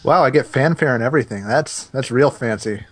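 A man's voice: mid-range voice, no echo. Wry, jokey guy on a podcast. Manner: wry, jokey, then brisk announcer-like. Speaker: podcast co-host. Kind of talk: casual gaming podcast chat.

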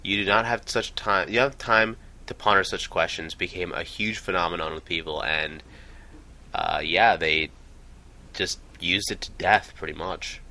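A man's voice: low voice, normal speed, bright, forceful tone. A man co-hosting a podcast, chatting casually and rambling with frequent restarts. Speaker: podcast co-host. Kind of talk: casual gaming chat.

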